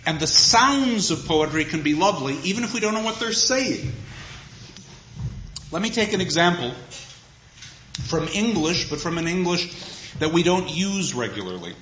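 A man giving a reflective lecture on poetry, speaking in a measured, thoughtful way and slowing down to stress key phrases. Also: a little high, expressive, sharp tone, echoey room, lo-fi sound, a little hiss or hum. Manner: measured, thoughtful, with deliberate pauses and slowed emphasis.

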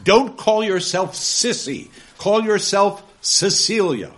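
A man's voice: on the high side, sing-song, moderate pace, a bit bright. A man reading aloud as a stern, pompous male schoolmaster obsessed with facts, in an emphatic, commanding way. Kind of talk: dramatic reading of a novel.

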